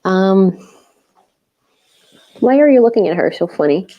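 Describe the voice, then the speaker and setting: A woman's voice: mid-range voice, expressive, a little slow, highs cut off. A young adult woman from Ukraine hosting a casual livestream chat, rambling with lots of fillers and frequent laughs. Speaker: host, independent reporter.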